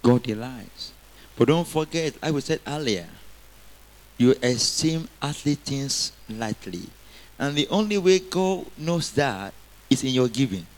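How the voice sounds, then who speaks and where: A man's voice: mid-range voice, lively intonation, unhurried. A man preaching a sermon, quoting scripture and getting the congregation to repeat lines after him.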